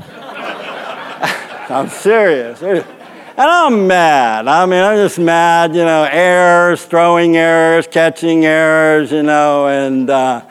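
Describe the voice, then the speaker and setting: A man's voice: on the high side, slow, clear, resonant tone. A male pastor telling a rambling, funny anecdote in a sermon, often laughing. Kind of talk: storytelling sermon.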